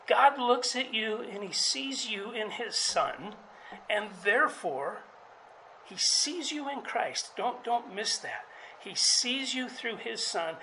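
An earnest preacher walks through a Bible passage, explaining it for the congregation. The voice sits in a middle pitch, and a faint hum of background noise runs underneath. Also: bright, forceful tone, low-quality recording. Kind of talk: sermon.

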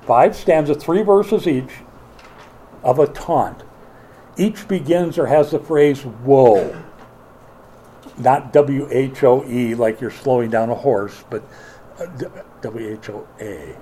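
A middle-aged pastor preaches a sermon in a lively, playful way, acting out taunts and quoted voices. His mid-range voice moves slowly, and the audio is poor with slight background noise.

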